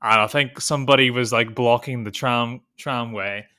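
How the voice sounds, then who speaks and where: A man's voice: mid-range voice, fairly even intonation, moderate pace, bright, forceful tone. A man with an Irish accent co-hosting a film podcast, jokey and bantering, laughing often. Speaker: podcast co-host. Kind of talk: casual chat.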